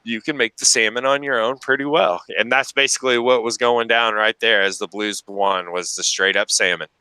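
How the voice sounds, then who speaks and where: A man hosting a casual chat interview, teasing his guest with wry jokes. His voice is bright and crisp, recorded dry and close with no room sound. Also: lowish voice, steady tone, fairly quick, no echo. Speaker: interview host.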